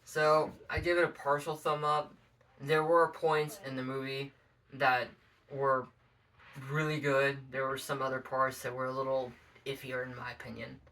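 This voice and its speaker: A man's voice: mid-range voice, completely flat delivery, moderate pace, bright, forceful tone. A sleepy young man in casual family chat, yawning and giving hesitant, rambling explanations. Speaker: older son joining the review. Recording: voice from a distance of the mic.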